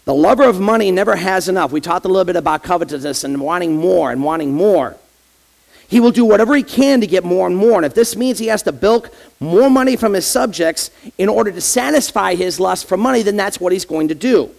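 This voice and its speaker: A man's voice: high voice, expressive, fairly quick, vocal fry, a little mellow. A man, an associate pastor, preaching a conversational sermon in church and addressing the congregation directly with rhetorical questions.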